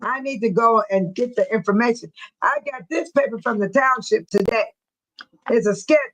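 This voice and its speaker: Chatty high-voiced woman livestreamer. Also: fairly bright tone, poor audio. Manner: repetitive, chatty, quick to laugh. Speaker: livestream host. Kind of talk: casual live chat with viewers.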